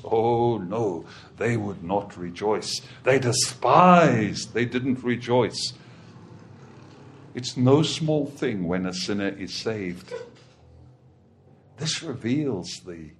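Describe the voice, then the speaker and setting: A man preaching a sermon, emphatic and repeating phrases, swinging from loud declarations to hushed tones. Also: a little high.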